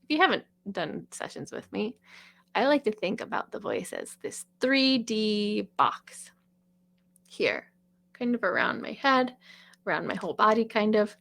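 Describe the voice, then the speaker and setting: A woman's voice: mid-range voice, sing-song, measured pace, creaky, a bit bright. A woman teaching a casual voice lesson, chatty, with sung and called-out examples.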